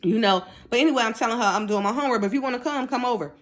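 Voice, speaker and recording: A woman's voice: fairly high pitch, rapid-fire. A middle-aged woman casually telling a personal story, acting out the dialogue in a raised voice. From United States. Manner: animated, acts out dialogue in raised voice.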